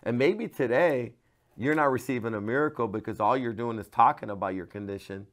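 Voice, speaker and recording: A man, a pastor, giving a devotional sermon to camera, moving from hushed, earnest talk to loud, pleading cries. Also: medium pitch, a little fast. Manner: passionate, swings from hushed to loud cries when quoting.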